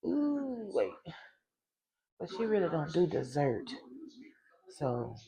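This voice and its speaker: A woman's voice: fairly low pitch, big pitch swings, slow pace, creaky, a crowd in the background, low-quality recording. A middle-aged woman, chatting casually to viewers from her home kitchen, exclaiming and laughing often. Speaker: cooking vlogger.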